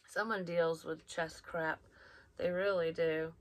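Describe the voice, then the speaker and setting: Blunt, rambling woman with a lowish voice. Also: steady tone, measured pace, slight background noise. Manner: blunt, heavy swearing, rambling, drops into whispers. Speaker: psychic reader. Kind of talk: casual personal chat.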